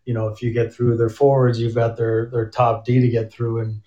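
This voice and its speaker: A man's voice: medium pitch, completely flat delivery, moderate pace, mellow. Man talking hockey in a roomy, muffled recording. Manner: conversational, frequent restarts and fillers. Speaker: hockey coach as guest. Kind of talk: casual sports interview. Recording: roomy, dull remote audio.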